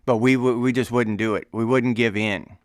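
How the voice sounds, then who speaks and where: A middle-aged man hosting a podcast, telling an army story in a casual, animated way, often laughing and acting out shouted quotes. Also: medium pitch, moderate pace, smooth, no room sound, clean studio sound. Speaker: podcast host.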